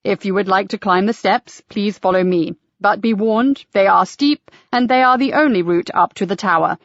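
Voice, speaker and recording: A woman's voice: medium pitch, normal speed, dry recording, highs cut off, close to an everyday voice. Woman voicing a showy male church tour guide. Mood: genial. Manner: polished, showman-like tour patter.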